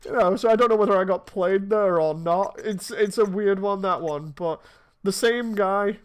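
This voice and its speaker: Dude in his 30s, fairly high voice, rambly chat while gaming. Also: moderate pace, smooth. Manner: rambling, chatty anecdotes. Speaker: streamer. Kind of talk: casual chat while playing.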